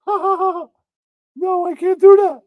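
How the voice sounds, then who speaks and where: A man doing a high, giggling cartoon mouse impression with a taunting, cackling manner. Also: little pitch movement, moderate pace, no echo, narrow, tinny audio. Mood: mocking. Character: squeaky giggling cartoon mouse, male, mocking.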